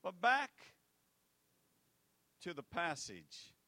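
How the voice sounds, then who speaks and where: A man preaching with a bright, forceful voice, fairly high for a man. He talks slowly, swinging between booming declarations and hushed asides and repeating phrases for emphasis. The sound is dry and close. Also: wildly swooping pitch, no echo. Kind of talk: sermon.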